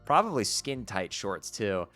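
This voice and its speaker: A man streaming, reading a webcomic aloud to his chat, animated and quick to swear and rant. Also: fairly low pitch. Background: faint background music.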